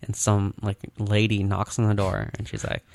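Man, low gravelly voice, rambling casual anecdotes, dry close mic. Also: steady tone, normal speed, a little mellow, dry recording. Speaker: podcast co-host. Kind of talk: casual chat, storytelling.

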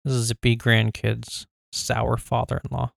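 A man's voice: medium pitch, monotone, slow, vocal fry, no room sound, clean studio sound. A man co-hosting a casual podcast, joking and bantering with his friend. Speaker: podcast co-host. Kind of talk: casual chat.

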